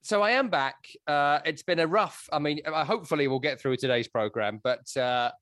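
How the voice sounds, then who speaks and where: A man's voice: on the high side, normal speed, a bit bright, no room sound, clean studio sound. A man hosting a podcast, telling stories in a chatty, wry way. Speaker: podcast host. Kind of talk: casual podcast chat.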